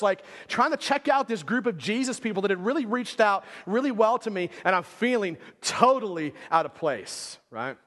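A man's voice: sits high, fairly bright tone. A man preaching a sermon in a casual storytelling way, full of fillers and "right?" asides. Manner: conversational, filler-heavy, keeps asking "right?". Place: church hall. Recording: long hall reverb.

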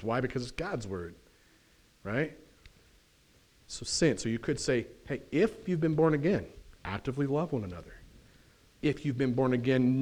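American pastor, conversational sermon. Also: male voice, fairly high pitch. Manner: conversational preaching, asks the congregation questions. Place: church sanctuary.

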